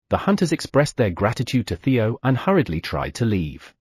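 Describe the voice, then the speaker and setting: A man narrating an audiobook with expressive storytelling. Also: medium pitch, moderate pace, husky, no echo. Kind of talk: scripted narration.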